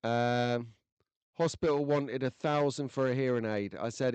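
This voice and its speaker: Unhurried and smooth, with a darkish mid-range voice, a man hosts a laid-back livestream, rambling jokily through viewer comments with lots of fillers. He uses a desk mic close to his face, and the sound has no echo.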